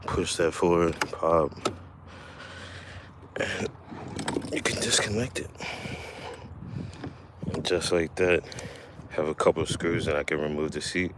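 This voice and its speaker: Very deep-voiced man rambling on a livestream. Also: fairly even intonation, unhurried, long pauses. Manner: rambling, self-correcting, laughs often. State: a little winded. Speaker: livestream host. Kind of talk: casual livestream chat. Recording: faint background noise.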